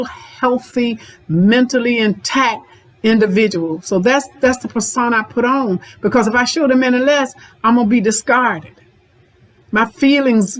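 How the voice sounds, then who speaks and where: A woman's voice: a little high, low-quality recording. A middle-aged woman, a therapist hosting a podcast, talking in a folksy way and repeating lines for emphasis. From Memphis, Tennessee. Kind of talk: podcast monologue.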